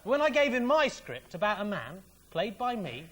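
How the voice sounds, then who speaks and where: A man co-hosting a comedy double act, teasing in deadpan repetition. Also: high-pitched, normal speed. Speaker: co-host.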